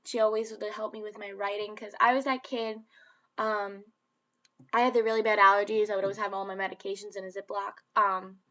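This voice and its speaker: A woman's voice: medium pitch, flat delivery, fairly quick, a bit bright, highs cut off. A woman vlogging in a casual chatty way, upbeat and rambling, full of ums and likes.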